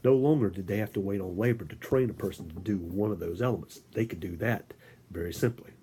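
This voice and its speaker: A man giving an informal lecture, halting, with frequent restarts and filler words. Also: low-pitched, creaky, slight background noise. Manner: animated storytelling with acted-out quotes.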